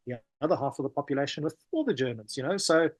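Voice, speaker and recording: A South African man, a podcast guest, telling stories in a lively, casual way, often saying "man" and "you know". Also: on the high side, fast talker, no echo. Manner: animated, peppers talk with "man" and "you know". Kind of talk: casual conversational storytelling.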